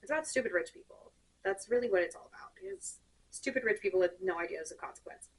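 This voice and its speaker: A young woman reviewing books she hated, in an animated, sarcastic, rambling way, full of "like". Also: medium pitch, quick pace, gravelly, distant mic, rough recording. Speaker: book reviewer. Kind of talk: casual rant.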